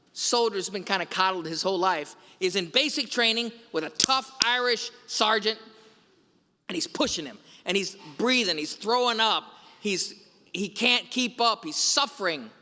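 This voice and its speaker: A male priest gives a Sunday homily, retelling film scenes with quoted lines. His voice is high and bright. It carries through a large church with a long reverb. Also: animated, normal speed.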